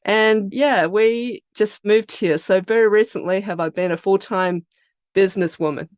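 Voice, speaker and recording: A woman from Australia with an Australian accent, the founder of a biotech company, explaining her research and career in a relaxed, chatty podcast interview. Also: mid-range voice, moderate pace, dry recording, studio quality.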